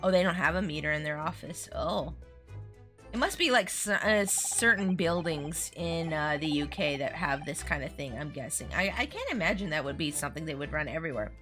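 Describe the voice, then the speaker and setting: A woman's voice: deep voice, lively intonation, a little fast, a bit bright. A woman streaming a game, chatting casually and giggling between asides. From United States. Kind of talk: casual let's-play commentary. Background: faint game music.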